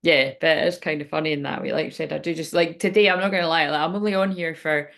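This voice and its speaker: A woman's voice: deep voice, fairly even intonation, quick pace, a bit bright. A woman speaking as a spiritual reader in a rambling, frank livestream chat, swearing now and then.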